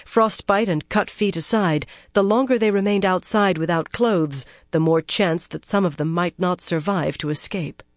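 An audiobook narrator giving a steady, measured reading of fantasy prose. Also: mid-range voice, no echo, studio quality.

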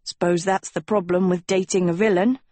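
A woman's voice: lowish voice, fairly even intonation, a little fast, mellow, dry recording, lightly acted. A woman voicing a stern, slangy schoolboy who teases his friend bluntly. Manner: blunt, mocking. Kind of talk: audiobook character voice.

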